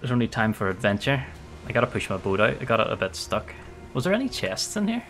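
A man's voice: medium pitch, big pitch swings, fast talker, fairly bright tone, soft background music. A man streaming a game, giving casual gameplay commentary, playful, swearing often and laughing a lot.

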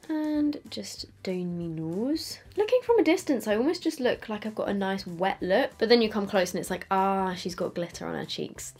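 A young woman, chatting casually through a makeup tutorial, self-mocking and trailing off as she works. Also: mid-range voice. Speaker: beauty vlogger.

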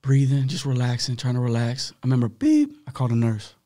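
A young man in his twenties, a podcast guest, telling his story animatedly with a slightly rough voice and acting out the dialogue. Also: medium pitch, brisk. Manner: animated, acts out dialogue, frequent swearing. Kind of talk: casual storytelling.

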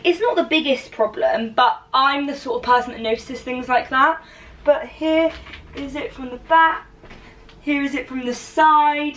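A woman's voice: a little high, fairly bright tone. A woman, chatting playfully through a dress try-on haul with lots of fillers. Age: 20s. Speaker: fashion vlogger. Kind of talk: casual try-on haul chat.

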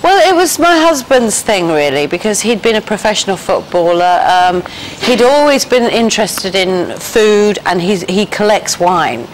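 A woman in her forties with a London accent talks as a chat show guest, hesitant and halting, her voice at a middle pitch. Faint noise hums under the recording. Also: sing-song, rough recording. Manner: hesitant, many ums and restarts. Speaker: actress guest. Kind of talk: talk show interview.

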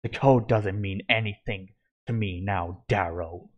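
A man voicing a gloating, murderous ancient male werewolf in a storybook reading, speaking slowly and menacingly. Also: lowish voice, muffled recording.

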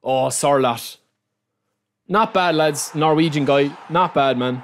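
Speaking a little slowly against slight background noise, this excitable Irish man streams himself opening card packs as a gaming YouTuber. His fairly high voice rises and falls widely, and he keeps repeating phrases while addressing his viewers as lads.

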